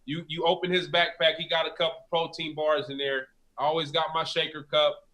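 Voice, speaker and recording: A man being interviewed in a relaxed chat, talking emphatically and repeating his key points. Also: a little high, brisk, rough recording. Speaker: guest. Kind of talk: casual interview talk.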